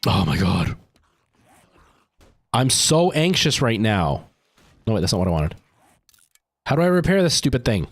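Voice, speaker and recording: Jumpy and anxious during live gameplay commentary, this man mutters to himself under pressure and at times drops to a nervous whisper. His fairly low voice is very animated yet measured in pace, with vocal fry and long pauses, in a dry recording.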